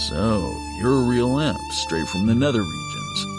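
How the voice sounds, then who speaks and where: A man doing a gruff, wry demon hero. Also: lowish voice, expressive, a little slow, over music. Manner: dry, clipped, wry delivery.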